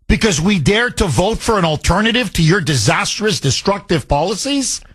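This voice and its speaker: A man's voice: sits high, big pitch swings, normal speed, hardly any pauses, fairly bright tone, slightly rough. A man hosting a talk radio show, delivering an indignant monologue full of rhetorical questions.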